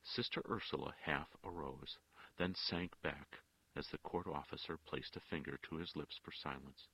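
A man narrating an audiobook with measured, expressive storytelling. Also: a bass voice, slightly rough, no echo. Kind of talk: audiobook reading. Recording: dull, dry lo-fi recording.

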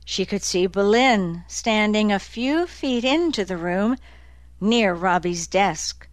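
A woman reading a novel aloud as an audiobook narrator, in an even, measured way. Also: medium pitch, no room sound. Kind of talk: scripted narration.

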